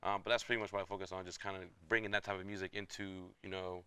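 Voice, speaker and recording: A young man from New York chats fast and loose as a guest DJ, loud and easygoing. His voice is bright and crisp, recorded dry and close with hardly any room sound. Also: low voice, level tone, no room sound. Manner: laid-back, loud and chatty, says "you know what I'm saying" a lot. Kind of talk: casual interview chat.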